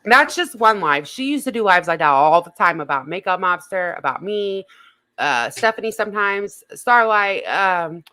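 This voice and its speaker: A woman with a bright, clear voice talks her viewers through a casual livestream. She rambles, restarts her sentences and swears freely. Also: mid-range voice, expressive, moderate pace. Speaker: YouTube drama commentary host.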